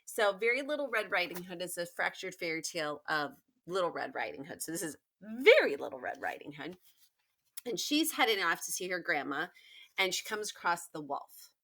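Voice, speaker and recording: Bright, emphatic woman teacher. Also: fairly low pitch, very animated, moderate pace. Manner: emphatic, repetitive, encouraging. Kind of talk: recorded remote lesson for pupils.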